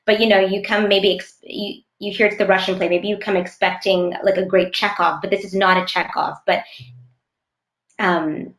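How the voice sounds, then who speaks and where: A woman actress talking thoughtfully in an interview, often pausing to search for words. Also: medium pitch, flat delivery, fairly bright tone, roomy sound. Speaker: actress guest. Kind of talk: casual interview chat.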